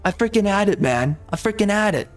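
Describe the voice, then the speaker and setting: A man's voice: sits high, lively intonation, brisk, faint music behind. A man ranting angrily and repeating himself while commenting over gameplay in a video. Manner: angry, repetitive, exasperated ranting. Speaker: gaming video creator.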